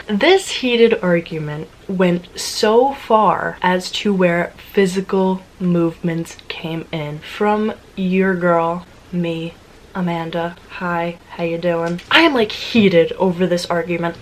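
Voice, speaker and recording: A young woman in her twenties telling a story to her vlog audience in a casual, animated way, swearing freely and laughing often. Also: fairly low pitch, moderate pace, a little hiss or hum, low-quality recording. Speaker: vlogger.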